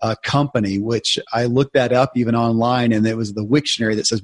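Male podcast host, mid-pitched voice. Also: steady tone, fairly quick, hardly any pauses. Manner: searching, wordy questions. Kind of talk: interview and show narration.

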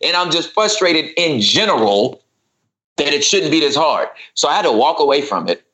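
Man, podcast guest, casual chat, bright tone, animated storytelling. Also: on the high side, moderate pace, poor audio. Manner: animated storyteller acting out his own exasperated asides.

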